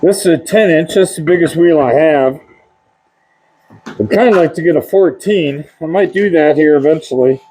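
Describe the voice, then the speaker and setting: A man narrating a workshop how-to, talking in a relaxed, plain-spoken way while he works. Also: fairly high pitch, normal speed, slight background noise. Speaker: knife maker. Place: home workshop with grinder.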